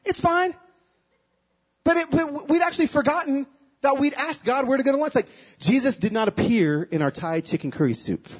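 A male guest speaker preaching a sermon, telling stories in an animated way and acting out the dialogue. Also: very high-pitched, normal speed, lo-fi sound. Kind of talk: sermon with storytelling.

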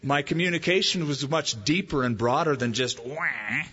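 A man delivers a sermon with a husky, slightly higher-than-usual voice and a conversational, emphatic way of preaching. The sound is muffled and carries a long echo from a church hall. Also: fairly quick, bright, forceful tone. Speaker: pastor.

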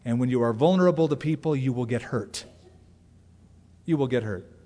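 A middle-aged man preaching a sermon as pastor, talking conversationally with sudden loud asides. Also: mid-range voice, normal speed. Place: church sanctuary. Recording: long hall reverb from a church.

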